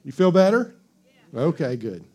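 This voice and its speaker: A man's voice: a little high, big pitch swings, moderate pace, warm tone. A male pastor preaching a sermon in a conversational, joking style, with call-and-response to the congregation.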